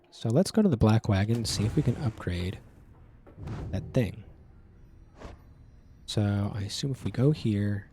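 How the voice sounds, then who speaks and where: A man streaming a video game, reading the on-screen text aloud and joking in relaxed asides. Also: on the low side, a little hiss or hum.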